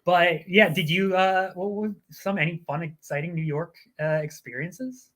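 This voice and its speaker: A man's voice: sits high, steady tone, moderate pace, a bit bright. Guy cohosting, jokey and playful, reads ads kinda hammy. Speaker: co-host. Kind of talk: casual chat and scripted ad reads.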